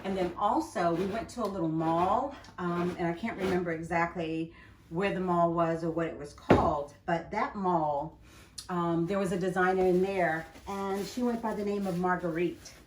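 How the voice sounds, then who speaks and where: An older woman chatting casually to camera in her home kitchen, talking warmly and laughing often as she makes juice. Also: lowish voice, moderate pace. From United States. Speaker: home juicing vlogger. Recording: roomy kitchen, mic at a distance, loud appliance noise.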